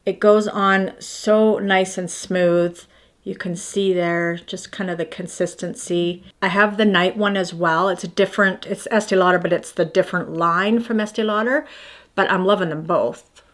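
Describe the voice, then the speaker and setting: A woman's voice: on the low side, fairly even intonation, normal speed. A woman in her fifties chatting casually through her morning skincare routine, rambling and self-deprecating as she shows each product. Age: 50s. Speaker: beauty vlogger.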